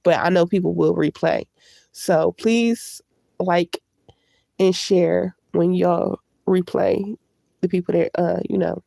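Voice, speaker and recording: A woman's voice: on the low side, fairly even intonation, takes it slowly, mellow, no echo. A woman vlogger chatting candidly on a livestream, congested from a cold. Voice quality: gravelly. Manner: candid, chatty, greets live viewers. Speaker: YouTube vlogger. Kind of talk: casual live-stream chat.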